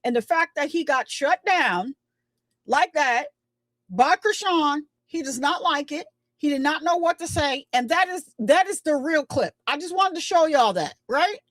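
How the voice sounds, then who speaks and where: A woman's voice: sits high, expressive, unhurried, a bit bright, no room sound. A woman hosting her own channel, giving casual, emphatic commentary and retelling what people said. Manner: chatty, emphatic, retells quotes.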